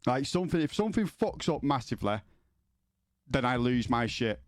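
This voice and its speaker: A man's voice: medium pitch, very animated, moderate pace, dry recording, studio quality. A man streaming from home, chatting casually with his viewers, rambling and swearing, often stumbling as he starts a sentence. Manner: sweary, rambling, repeats words when starting.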